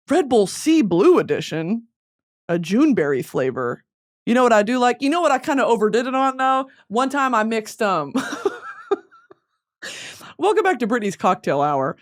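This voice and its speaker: A young woman with a Southern US accent hosting a casual solo podcast chat, rambling and swearing through flustered outbursts. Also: fairly high pitch. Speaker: podcast host.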